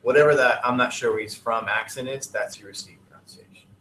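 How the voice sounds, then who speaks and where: A man's voice: medium pitch, steady tone, fairly quick, fairly bright tone, roomy sound, a little hiss or hum, low-quality recording. A man teaching a class in a casual, digressive, joking way. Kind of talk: classroom lesson.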